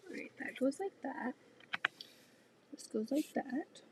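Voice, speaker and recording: A woman in her thirties chats unhurriedly while she sews at home, her voice nasal and stuffed up from a cold. She pitches a little high and often drops to a near whisper. A faint hiss of room noise sits behind her. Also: lively intonation, slow. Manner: talks softly, often half-whispering. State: congested with a cold. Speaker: vlogger. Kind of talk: casual chat while sewing. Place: home sewing room, indoors.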